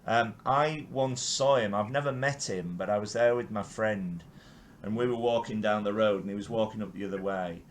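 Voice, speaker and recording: A fairly deep-voiced older man from England runs a casual podcast interview at an ordinary pace, with a touch of background noise. His talk is enthusiastic and full of restarts.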